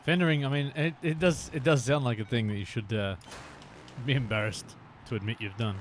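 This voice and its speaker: A man streaming a motorbike game live, chatting excitedly to his viewers while he plays. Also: mid-range voice, a little fast, slight background noise. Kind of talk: live-streamed gameplay chat.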